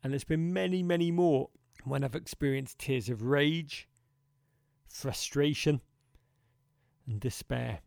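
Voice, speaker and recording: A man hosting a podcast talks in a rambling, wistful way and leans hard on some words. His voice is gravelly yet smooth and sits a little high for a man. The sound is dry and close to the mic. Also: slow, pauses often, darkish tone, no echo. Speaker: podcast host. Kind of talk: casual podcast monologue answering listener questions.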